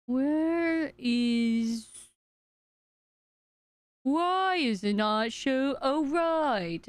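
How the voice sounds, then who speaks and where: A woman's voice: sits high, smooth, no echo. A woman streamer chatting casually to her viewers while fumbling through her stream settings. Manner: scattered, talking to herself and chat while searching settings. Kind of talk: casual live-stream chat.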